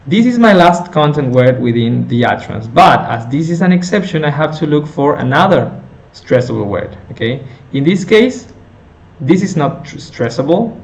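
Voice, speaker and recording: Slow, hesitant male teacher. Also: medium pitch, creaky. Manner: explains step by step, many fillers and self-corrections. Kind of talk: recorded lecture on intonation.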